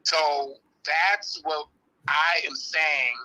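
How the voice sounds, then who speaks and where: Firm, bright-voiced older New man. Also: fairly high pitch, poor audio. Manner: firm, measured, explaining insistently. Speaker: interview guest, early hip-hop practitioner. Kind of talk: live online interview.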